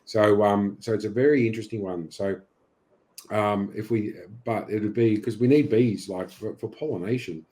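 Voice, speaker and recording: An Australian man, a beekeeper being interviewed on a podcast, speaking casually and haltingly with many fillers. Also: fairly low pitch, fairly even intonation, mellow. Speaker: beekeeper guest.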